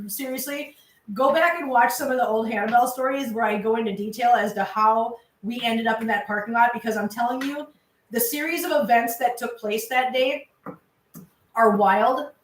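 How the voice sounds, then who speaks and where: Cooking dinner in her home kitchen, a woman vlogs and chats away to her viewers and her cats. Her voice is fairly high and fairly bright, picked up from a distance, so the kitchen sounds echoey.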